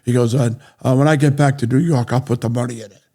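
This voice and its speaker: A man with a New England accent, a real estate developer telling animated stories in a podcast interview and acting out the lines of the people in them. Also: medium pitch, fast.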